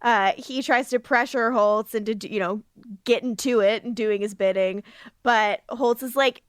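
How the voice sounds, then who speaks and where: A woman with a fairly high voice, recapping episodes on a casual rewatch podcast. She talks in an animated way, acts out the characters' lines and laughs often. The sound is dry and close to the mic. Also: normal speed, clean tone, no echo. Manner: animated recapping with acted quotes and frequent laughs. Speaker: podcast co-host.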